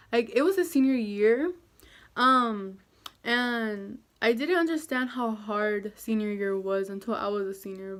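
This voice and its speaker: A young woman talking to camera in a casual storytime vlog, chatty and self-deprecating, with lots of fillers. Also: fairly high pitch. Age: young adult. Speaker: vlogger.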